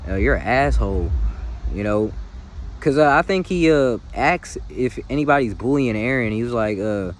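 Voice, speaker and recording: A man's voice: mid-range voice, moderate pace, a little hiss or hum. A man casually retelling a film's plot in slangy, loose talk, often checking in with the listener. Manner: slangy, loose, full of "you feel me" asides. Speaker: movie recap host. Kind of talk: casual film recap.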